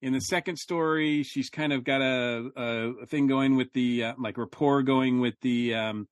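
A man talking casually on a review podcast, rambling through thoughts with lots of ums and restarts. His voice sits at a middle pitch and sounds dry and close to the mic. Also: steady tone, normal speed, no echo. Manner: rambling, many fillers and restarts. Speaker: podcast co-host.

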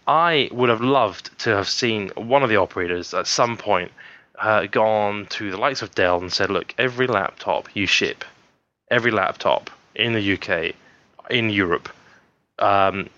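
A man talks at length on a podcast, sure of his views. His voice sits low but sounds bright. The recording is a little dull. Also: moderate pace. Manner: rambling, opinionated. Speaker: podcast co-host. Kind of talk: casual chat.

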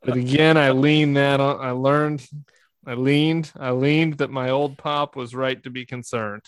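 A man guest doing a comedic, deadpan reading of a parody memoir, breaking into laughter now and then. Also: mid-range voice, measured pace, no room sound. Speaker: podcast guest.

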